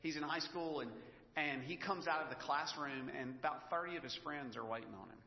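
Pastor preaching in an echoey hall. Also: male voice, fairly high pitch, a little fast, vocal fry. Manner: conversational, storytelling, emotional at times. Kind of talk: sermon. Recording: echoey hall, dull lo-fi sound.

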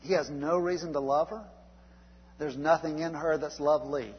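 A male pastor delivering a sermon in a conversational, halting way, with many fillers and restarts. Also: a little high, steady tone, long reverb tail, highs cut off, a little hiss or hum. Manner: conversational preaching with frequent uhs and restarts.

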